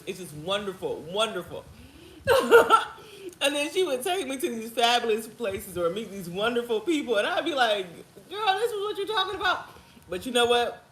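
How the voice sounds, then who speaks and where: A woman in her thirties chatting casually to her viewers in an animated way, laughing often and calling them girl and honey. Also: on the low side. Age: 30s. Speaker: vlogger. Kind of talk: casual chat to camera. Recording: echoey room with faint ambience.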